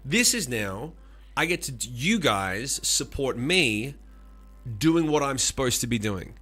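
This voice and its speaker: A man in his forties, a musician streaming live, talking casually with animated, profane rants and answering chat. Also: mid-range voice, unhurried, faint music behind.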